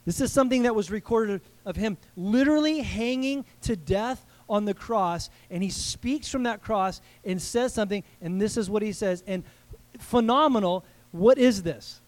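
A middle-aged man filling in as guest pastor, preaching a sermon in a conversational way with joking asides and quick restarts. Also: high-pitched. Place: church service.

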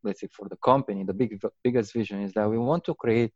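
Animated low-voiced man telling stories. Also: fast, no echo, dull audio. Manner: animated, acts out quotes with big pitch jumps, many fillers. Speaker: guest, game company founder. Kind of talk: casual interview storytelling.

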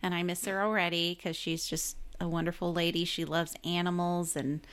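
A woman with a Midwestern American accent, co-hosting a movie podcast in a soft-spoken, halting, casual way. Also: fairly low pitch, level tone, smooth. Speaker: podcast co-host. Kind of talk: casual movie review chat.

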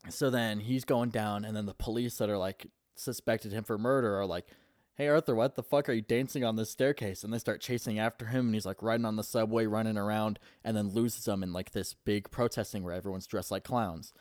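A man's voice: fairly low pitch, fairly even intonation, a little fast, few pauses, darkish tone, dry recording, studio quality. A young man in casual chat, rambling on as he retells a story and swearing constantly.

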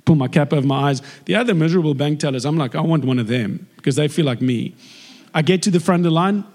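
A South African man sharing a personal testimony in an animated storytelling manner. His voice sits a bit high for a man, and he slips into acted dialogue as he goes. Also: fast talker. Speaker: actor giving a faith testimony.

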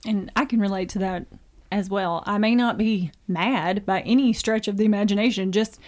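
A woman's voice: medium pitch, moderate pace, a little mellow. A middle-aged woman hosting a podcast discussion, talking in a matter-of-fact way and telling stories with animation. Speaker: host.

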